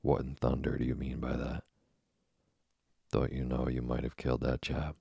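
A gaunt old sea captain roaring threats at a sailor, as a deep-voiced narrator plays him. The voice is very low, husky and gravelly, with a hoarse edge. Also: male voice, completely flat delivery, normal speed, warm tone, no room sound, clean studio sound, exaggerated voice. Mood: angry.

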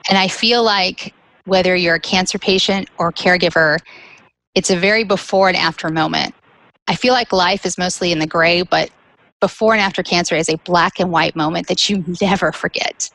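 A woman shares her story as a guest in a low, gravelly voice. She speaks candidly and lets small laughs slip between the heavy moments. The sound is dry and close. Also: fairly bright tone, dry recording, rough recording. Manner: candid, with light laughs between serious points. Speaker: guest, cancer caregiver. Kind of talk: personal storytelling.

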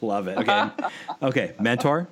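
A man's voice: medium pitch, sing-song, normal speed, a bit bright. An American man hosting an interview, chatty and eager, often restarting his sentences. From United States. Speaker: podcast host. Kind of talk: casual interview chat.

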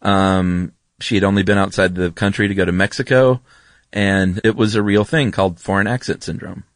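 A man co-hosting a podcast, relaxed and rambling as he explains things. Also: sits low, normal speed, no room sound. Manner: relaxed, rambling, lots of ums and asides. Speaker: podcast co-host. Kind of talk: casual chat.

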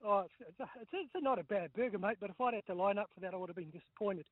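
A high-pitched man with a New Zealand accent calls in from outdoors on his mobile. He talks in a quick, blokey, chatty way, and his voice comes through a thin, tinny phone line with no room around it. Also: no echo. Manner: chatty, blokey, says mate a lot. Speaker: caller. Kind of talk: casual phone-in chat. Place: outdoors on a golf course.

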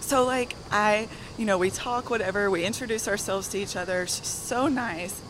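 Soft-spoken Southern woman, out of breath. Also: medium pitch, normal speed, noisy background. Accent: Southern American. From American South. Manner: soft, giggly, rambling. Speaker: guest. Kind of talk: casual storytelling. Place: gym on a treadmill.

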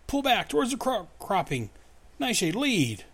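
A man's voice: sits high, very animated, a little slow, fairly bright tone, husky, voice pushed up, full character voice. A man voicing a commanding male army colonel who barks orders in an exasperated way.

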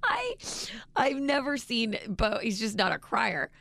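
A woman's voice: fairly high pitch, huge pitch swings, measured pace, gravelly, bright, forceful tone, dry recording. A woman in her thirties co-hosting a radio morning show, chatty and emotional, reading listener texts aloud. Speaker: radio co-host. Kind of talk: casual morning show chat. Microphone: studio microphone.

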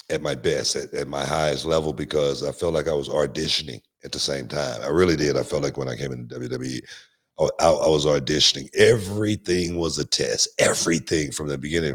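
Older male podcast host; very low voice, animated drawling delivery with restarts. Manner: animated, repeats words, drawls. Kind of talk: casual podcast chat.

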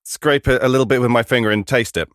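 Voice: medium pitch, steady tone, quick pace, no room sound, studio quality. A tabletop player who is cheeky and teasing. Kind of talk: casual tabletop play.

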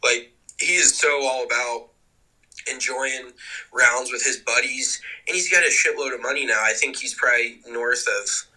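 Bright-voiced man in profane golf banter. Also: medium pitch, normal speed, poor audio. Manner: loose, profane, teasing banter. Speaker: podcast co-host. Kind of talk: casual chat. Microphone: remote call mic.

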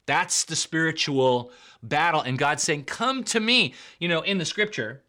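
A man's voice: a little high, normal speed, bright, forceful tone. A man preaching a sermon in an emphatic way, repeating key points and calling his listeners guys and bro. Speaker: pastor.

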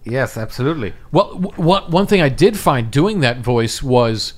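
A man's voice: mid-range voice, animated, normal speed. A middle-aged man, a voice actor, chatting casually on a podcast in a jokey, profane way. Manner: jokey, profane, slips in and out of impressions. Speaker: voice actor guest.

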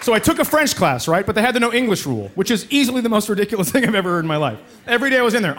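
A middle-aged man performing a stand-up comedy set, animated and acting out the voices he quotes. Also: high voice, racing, hardly any pauses. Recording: comedy club with loud laughing crowd. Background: crowd laughter and applause.

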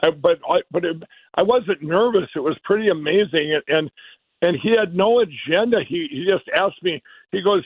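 A man from Minnesota tells a long story over a tinny phone line. His voice sits a little high, and he rambles, doubling back on his words. The sound is dry and close. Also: a little fast, no room sound. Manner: rambling, repeats and restarts words. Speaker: guest, company founder. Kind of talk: casual storytelling.

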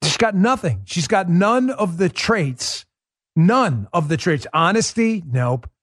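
A man's voice: sits high, expressive, takes it slowly, a bit bright, no room sound, clean studio sound. A man hosting a political talk show, giving opinionated commentary with emphatic, sarcastic rhetorical questions.

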